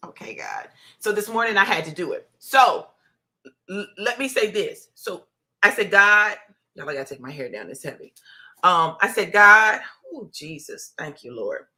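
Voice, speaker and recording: A woman's voice: medium pitch, expressive, normal speed, sharp tone. A woman in her fifties giving a heartfelt personal testimony on a live stream, talking in a conversational, preacher-like way with many fillers. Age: 50s. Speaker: minister.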